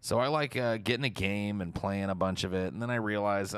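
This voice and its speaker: A man streaming, casually answering viewer questions in a relaxed, rambling way and swearing freely. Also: lowish voice, fairly quick, clean tone, dry recording.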